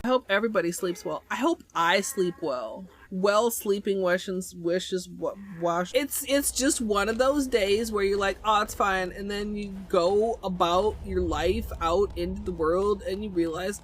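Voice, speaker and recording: A woman's voice: medium pitch, expressive, measured pace, hardly any pauses. A woman hosting a casual livestream, joking and swearing freely while she paints her nails and games. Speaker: livestream host.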